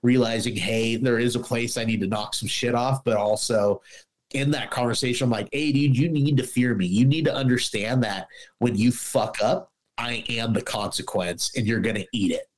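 A man's voice: medium pitch, fairly even intonation, moderate pace, low-quality recording. Blunt, profane middle-aged man telling stories. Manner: blunt, profane storyteller, acts out dialogue. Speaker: guest, former police officer. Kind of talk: casual podcast chat.

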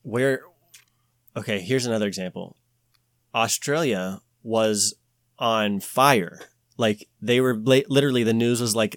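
Rambling low-voiced man hosting a podcast. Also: a little slow, no room sound, studio quality. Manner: rambling, animated, many restarts and "like" fillers. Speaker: podcast host. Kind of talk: casual podcast chat.

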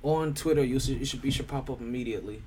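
A man's voice: medium pitch, fast talker, mellow, a little hiss or hum. Hyped, profane podcast host guy. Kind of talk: casual podcast chat.

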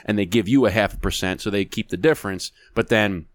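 A man co-hosting a podcast in casual chat, talking in a blunt, animated, profane way. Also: fairly low pitch, a little fast, no room sound. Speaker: podcast co-host.

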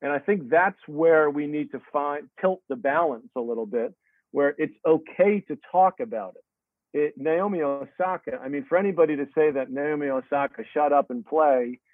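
A man's voice: on the high side, moderate pace, no echo. A middle-aged man, a tennis coach, talking earnestly and reflectively in an interview, with many restarts. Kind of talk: interview answer. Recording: dry tinny phone-like line.

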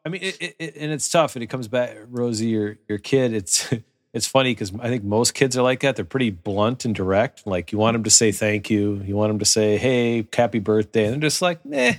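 A man's voice: lowish voice, fairly quick. Easygoing man in a casual chat.

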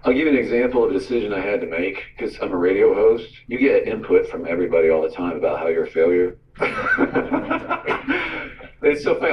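Male radio host preaching, animated storyteller, dull lo-fi sound with room echo. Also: low-pitched, slight background noise. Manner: storytelling, animated, acts out quotes. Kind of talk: sermon-style teaching talk. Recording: roomy, distant, dull sound.

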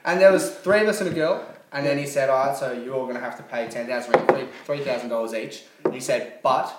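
A man, a guest on a casual podcast, telling an animated anecdote that often trails off quietly. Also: mid-range voice, quick pace, reverberant, recorded from a distance, very noisy. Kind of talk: casual chat.

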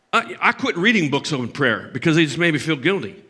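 An older man preaching a sermon as pastor, impassioned, swinging from loud emphatic peaks down to low, quiet asides. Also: sing-song, brisk, few pauses, slightly rough.

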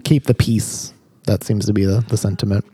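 Halting man running a tabletop game. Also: fairly low pitch, fairly even intonation, dark tone, breathy edge, dry recording. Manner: halting, with many fillers and restarts. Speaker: game master.

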